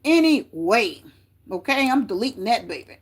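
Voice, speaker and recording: A woman's voice: fairly high pitch, big pitch swings, normal speed, husky. A woman giving a casual tarot reading to her viewers, chatty and prone to repeating herself. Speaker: tarot reader.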